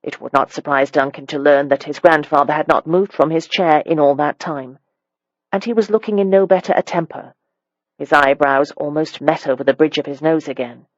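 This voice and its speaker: Audiobook narrator, measured and wry, dull muffled dry recording. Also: mid-range voice, no room sound. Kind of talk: scripted narration of a period romance.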